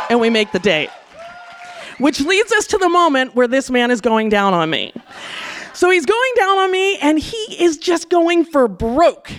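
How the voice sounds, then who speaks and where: A woman from California tells a personal story in a frank, profane, animated way. Her voice sits a little on the high side. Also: moderate pace. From California, USA.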